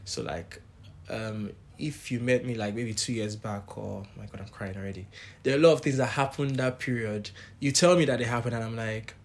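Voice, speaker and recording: Male co-host, candid, mid-pitched, casual faith chat. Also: normal speed. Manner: candid, animated when quoting others. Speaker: podcast co-host.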